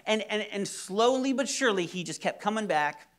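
A man's voice: sits high, lively intonation, moderate pace, fairly bright tone. A young man preaching a sermon, telling stories animatedly with repeated words and sudden drops to near-whispers. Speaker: pastor.

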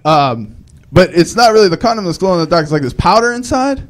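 Young man, stand-up comedian, rambling self-deprecating stories, slightly high voice. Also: expressive, fast. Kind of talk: live stand-up comedy set.

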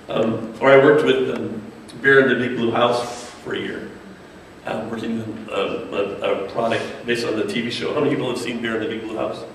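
A man with a mid-range voice and normal pace talks casually to an audience about children's media design, animatedly voicing kids and characters as he goes. It's a distant, echoey room recording with a little hiss or hum.

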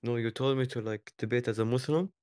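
A man's voice: medium pitch, steady tone, fast talker, background noise. A male caller on a live stream debate, giving terse, short answers.

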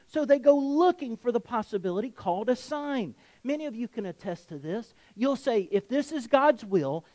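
A man's voice: high-pitched, a little mellow, dry recording, low-quality recording. A man with a Southern US accent preaching a sermon to his congregation, conversational with joking asides. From Southern United States. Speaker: pastor. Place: church sanctuary.

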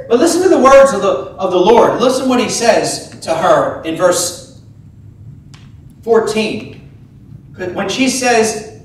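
A man preaching a sermon as pastor, animated, acting out the voices of biblical figures. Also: extremely high pitch, moderate pace, slight background noise. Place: church sanctuary. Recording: echoey church from a distant mic.

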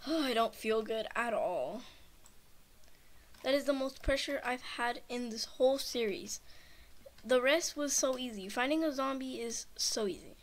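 A woman with a high voice talks through her gameplay in casual, rambling commentary. She sounds shaken and nervous, keeps circling back to the same frightened phrases, and loops her exclamations over and over. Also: unhurried, pauses often. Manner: frightened, rambling, repeats herself. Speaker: gamer, channel host.

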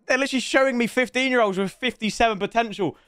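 Young man, gaming commentary, sweary banter, high-pitched, bright tone. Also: fast talker, clean tone, no room sound, clean studio sound. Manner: sweary, excitable banter addressed to viewers. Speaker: gaming streamer. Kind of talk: live gameplay commentary.

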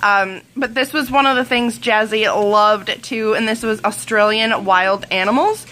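A woman in her thirties from Wisconsin, United States, shows off mail in a casual show-and-tell vlog, chatting with giggly enthusiasm. She talks a little slowly in a fairly high, fairly bright voice, with a little hiss or hum present.

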